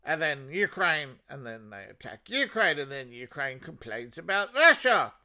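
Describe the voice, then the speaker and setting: A man's voice: on the high side, very animated, moderate pace, bright, forceful tone. An Australian man giving a sarcastic, mocking solo commentary as host of his own show. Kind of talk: solo political commentary monologue.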